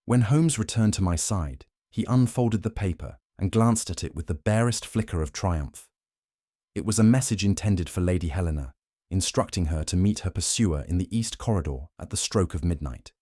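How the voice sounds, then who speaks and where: Storybook narrator, man, formal and measured, deep mellow tone. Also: lively intonation, no echo, clean studio sound.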